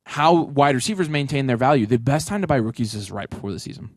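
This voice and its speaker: A man co-hosting a casual talk show, giving emphatic, rapid advice. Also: mid-range voice, lively intonation, dry recording, clean studio sound. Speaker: podcast co-host. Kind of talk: casual chat.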